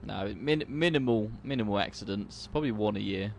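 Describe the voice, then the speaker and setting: In a casual gaming chat, a young man plays a farming game and laughs as he jokes about his own mishaps. He speaks fairly quickly in a low, darkish voice with vocal fry, and slight background noise can be heard.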